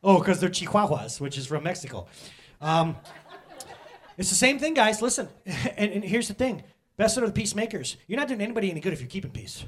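A man's voice: high-pitched, sing-song, a little fast, breathy edge. A middle-aged man preaching a casual, conversational sermon, joking and talking straight to the congregation. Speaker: pastor.

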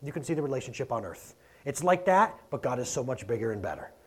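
Husky, animated preaching man. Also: medium pitch, fast. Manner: conversational preaching with rhetorical questions, swings between loud and soft. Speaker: pastor. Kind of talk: sermon.

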